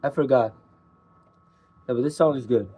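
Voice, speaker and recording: A man, a singer-songwriter, chatting casually between his own songs in an excited, rambling, self-mocking way. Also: medium pitch, moderate pace, narrow, tinny audio. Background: acoustic guitar.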